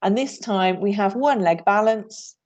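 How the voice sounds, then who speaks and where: A woman's voice: mid-range voice, measured pace, a little mellow. Upbeat woman leading a PE workshop. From England. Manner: upbeat, demonstrates moves while talking. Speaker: PE trainer leading a teacher workshop. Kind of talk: online training presentation. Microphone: video call.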